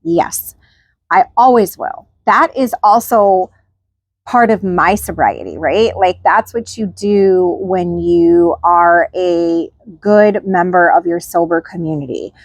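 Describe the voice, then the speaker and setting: A channel host speaks to camera in a lowish, animated voice, taking her time, with no room sound. She's frank and informal, chatting candidly and often ending lines with "like" and "right?".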